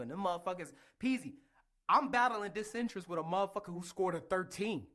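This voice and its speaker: A man's voice: high voice, quick pace, pushed and bright. A man hosting a podcast, talking casually and profanely about recruiting work, often acting out his own calls. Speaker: podcast host, Marine recruiter. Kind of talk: casual chat.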